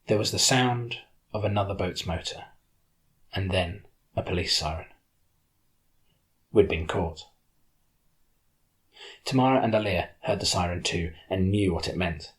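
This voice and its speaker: A man narrating an audiobook in the first person with steady storytelling. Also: low-pitched, unhurried, pauses often.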